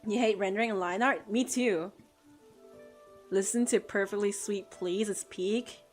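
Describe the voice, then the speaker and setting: A woman's voice: mid-range voice, a little slow, soft background music. A woman art streamer in casual live-stream chat, playful and joking, often laughing.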